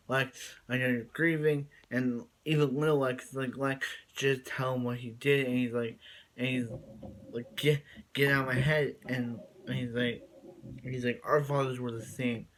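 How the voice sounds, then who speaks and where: A man talking casually to his viewers as he recaps a television episode. He rambles, backs up and repeats himself as he goes, at a middle pitch for a man. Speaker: show reviewer.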